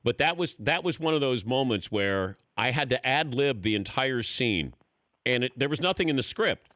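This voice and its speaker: A man's voice: medium pitch, moderate pace, dry recording, studio quality. A man hosting a radio talk show, joking and telling self-deprecating stories. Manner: jokey, animated, self-deprecating storyteller. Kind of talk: casual radio interview.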